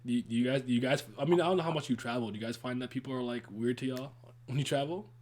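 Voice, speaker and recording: A man's voice: mid-range voice, very fast, darkish tone. A man co-hosting a podcast in casual chat, rambling and easygoing.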